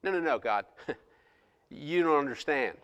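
Pastor telling a story in a reverberant hall. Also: male voice, on the high side, expressive, measured pace, a bit bright, clean tone, lo-fi sound. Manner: storytelling with many restarts and quoted dialogue. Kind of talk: sermon testimony. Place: church.

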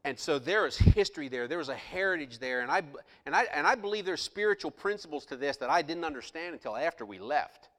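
Bright, high-voiced impassioned preacher man. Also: expressive, fast, in a large hall. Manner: impassioned, swings between loud outbursts and hushed asides. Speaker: pastor. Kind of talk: sermon.

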